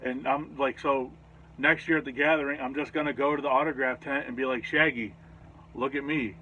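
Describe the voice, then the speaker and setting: A man casually recapping a festival in a rambling, profane, excitable way. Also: mid-range voice, a little fast. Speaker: vlogger reviewing a festival. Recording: slightly dull lo-fi audio with faint noise.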